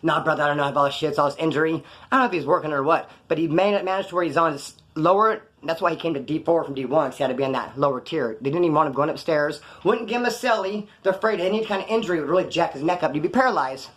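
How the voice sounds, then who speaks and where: A man's voice: on the high side, very fast, few pauses, fairly bright tone. A man telling stories in casual, slangy street talk. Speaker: storyteller recounting prison life. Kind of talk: casual spoken storytelling.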